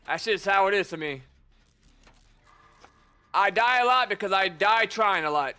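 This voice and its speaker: A man's voice: high-pitched, expressive, slow, sharp tone, clean tone. A man streaming a game, chatting casually and teasing the players he meets. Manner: chatty, teasing taunts at opponents. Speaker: gamer streamer. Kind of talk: casual gameplay commentary.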